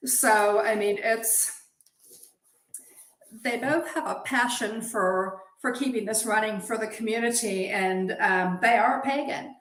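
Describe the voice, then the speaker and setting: A woman's voice: on the high side, slow pace, fairly bright tone. A woman chatting as an interview guest, enthusiastic and full of praise for her coworkers. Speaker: guest, zine head witch. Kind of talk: casual interview chat. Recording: echoey room.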